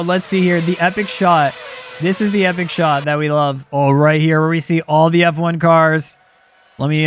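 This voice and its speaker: A young man commentating a sim racing league race live, excitable and quick to shout at close battles. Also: fairly high pitch, a little hiss or hum.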